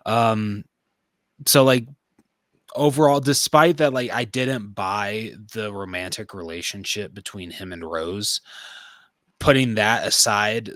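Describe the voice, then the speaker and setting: A man's voice: fairly low pitch, a bit bright, no room sound. Laid-back man full of ums. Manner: hesitant, many ums, laid-back agreeing. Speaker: podcast co-host. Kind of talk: casual movie review chat.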